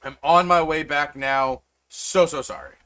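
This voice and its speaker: Man doing a harried mum, higher and bright, stammers through apologies. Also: steady tone, unhurried. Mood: flustered apology. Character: frantic middle-aged witch mother, overworked.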